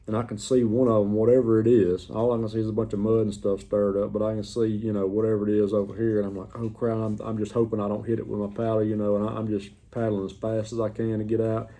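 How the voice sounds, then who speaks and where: A middle-aged man, casually telling a story to the camera in a drawling, folksy way. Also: fairly low pitch. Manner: drawling, folksy, animated retelling.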